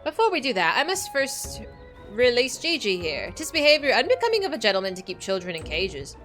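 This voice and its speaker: A woman reading aloud in a put-on, plummy voice as a pompous, theatrical elderly gentleman with flowery speech. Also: sits high, sing-song, fairly quick, soft background music, pitched above the performer's own voice. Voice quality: plummy put-on British-style accent. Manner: grandiloquent, flowery.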